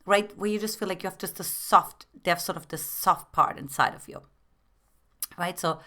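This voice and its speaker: Lady relationship coach, bright forceful voice a bit low, earnest and close, keeps saying girlfriend. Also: moderate pace. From East Germany. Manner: earnest, intimate, addresses listener as "girlfriend". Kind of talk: coaching talk to women.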